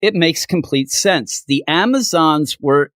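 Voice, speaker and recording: A man from Minnesota chats casually on a comic book review podcast, his fairly high voice swooping up and down. He slips into exaggerated high voices for the people in his stories. The recording is dry and close. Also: unhurried, dry recording. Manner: animated storyteller, acts out quoted people in high voices.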